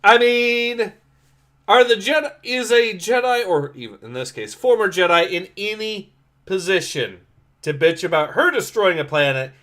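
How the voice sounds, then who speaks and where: A man's voice: sits high, lively intonation, moderate pace, pushed and bright. A man hosting a casual comic book reading livestream, blunt and sarcastic in his remarks. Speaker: livestream host.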